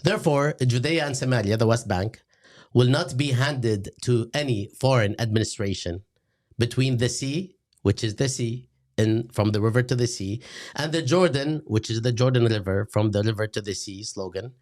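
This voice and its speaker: Deadpan sarcastic man. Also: mid-range voice, moderate pace. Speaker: host. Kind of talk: satirical lecture.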